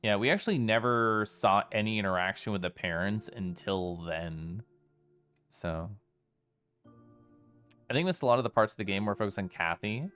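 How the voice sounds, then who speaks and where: Male game streamer, lowish smooth voice, chatty and reflective, greets chat between plot thoughts. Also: moderate pace, pauses often, fairly bright tone, soft background music. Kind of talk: live game commentary.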